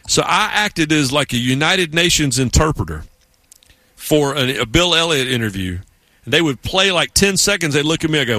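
A man's voice: medium pitch, lively intonation, a little fast, pushed and bright, no room sound. A man from South Carolina with a Southern accent, hosting a sports radio show and telling stories in casual banter. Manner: storytelling, puts on other people's voices.

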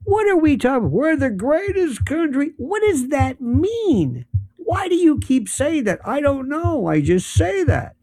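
A man's voice: very high voice, big pitch swings, measured pace, warm tone, no echo, clean studio sound, pitched above the performer's own voice, exaggerated voice. A man putting on a clueless, smug flag-waving pundit with a mock-naive sing-song manner.

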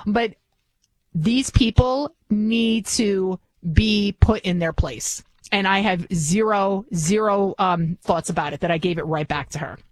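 A woman's voice: mid-range voice, measured pace, no room sound, low-quality recording. A woman in her forties hosting talk radio, telling a story in an indignant, ranting manner. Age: 40s.

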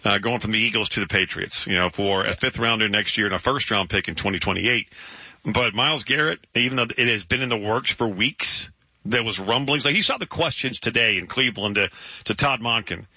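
A man hosting sports talk radio, animated and jokey, slipping into playful quoted voices. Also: lowish voice, brisk, husky, no echo. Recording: dull dry lo-fi studio sound.

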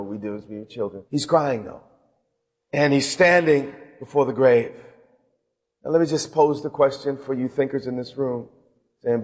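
Impassioned male preacher in a reverberant hall. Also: on the high side. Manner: impassioned preaching with dramatic pauses and bursts. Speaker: pastor. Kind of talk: sermon. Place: church sanctuary. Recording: live sermon with long hall reverb.

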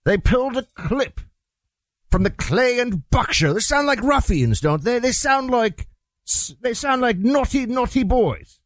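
Animated, high-voiced male radio host. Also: unhurried, no echo. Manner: joking, playful. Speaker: radio talk show co-host. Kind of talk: casual radio chat.

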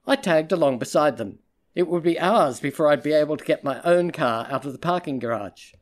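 A man narrating a crime novel audiobook in a steady, even storytelling manner. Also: on the high side, brisk. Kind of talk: scripted narration.

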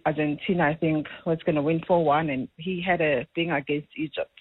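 A middle-aged woman calling a radio show, animated and talkative as she tells her story. Her husky voice comes through a thin, tinny phone line. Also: low voice, brisk, no room sound. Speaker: caller. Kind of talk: phone-in chat. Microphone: telephone.

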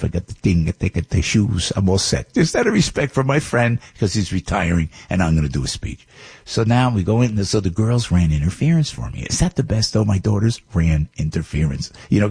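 Older male radio host, New Jersey accent, husky and a bit low, animated storyteller. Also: fairly quick. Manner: rambling storytelling, animated, many restarts. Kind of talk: morning radio monologue.

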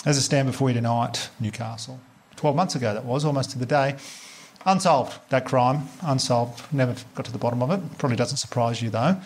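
An Australian man performing a stand-up comedy routine on stage, telling a story in a rapid, animated way with swearing. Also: mid-range voice. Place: live venue with audience. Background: audience laughter.

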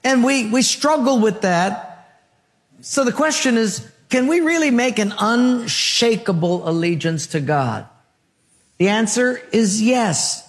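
Male pastor, sermon, high voice, rhythmic rhyming lines. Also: expressive, takes it slowly, long reverb tail. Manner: rhythmic, rhyming phrases, asks the congregation questions.

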